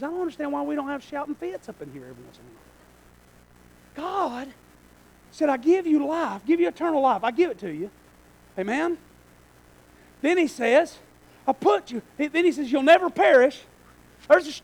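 A male pastor preaching a sermon in a church, swinging between shouted lines and quiet asides. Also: extremely high pitch, rough recording.

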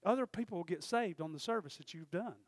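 A man preaching a sermon as pastor, swinging from quiet storytelling to fervent shouting. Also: sits high, expressive, fast, dry recording.

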